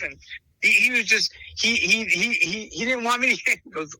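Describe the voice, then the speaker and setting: A man with a fairly high, sharply forceful voice, recounting his dogs in a podcast interview. He stumbles and repeats words as he goes and keeps calling the listener brother. The sound is close and dry. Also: animated, moderate pace, slightly rough, dry recording, rough recording. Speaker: dog breeder interviewed on a podcast. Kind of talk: animated storytelling in conversation.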